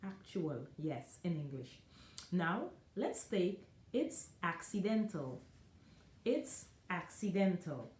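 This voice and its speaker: A woman who teaches Spanish, giving a careful online lesson and repeating each word slowly for the learner. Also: fairly low pitch, sing-song, darkish tone, roomy sound, slight background noise. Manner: slow, careful, encouraging, repeats words.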